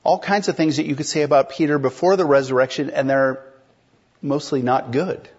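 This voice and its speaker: A man's voice: fairly high pitch, fairly even intonation, a little fast, darkish tone, slightly rough, highs cut off. A man preaching an expository sermon in a conversational way, explaining a text and putting questions to the congregation. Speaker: pastor.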